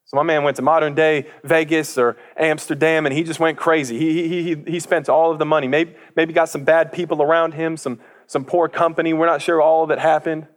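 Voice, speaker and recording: A man preaching in a loose, conversational way, slipping into slang and stumbling over restarts as he goes. He retells a parable with real animation and jumps into voices for each character. His voice sits a little on the higher side. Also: brisk, hardly any pauses. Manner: lively storytelling, acts out characters' voices; casual slang, stammered restarts.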